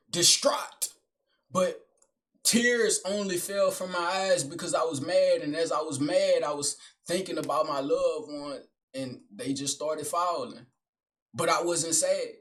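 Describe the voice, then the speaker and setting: A man's voice: fairly high pitch, fairly bright tone. Slangy young man telling a story. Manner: slangy, blunt and profane, addresses listener as gang and bro. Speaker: vlogger telling a personal story. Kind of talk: casual storytelling monologue.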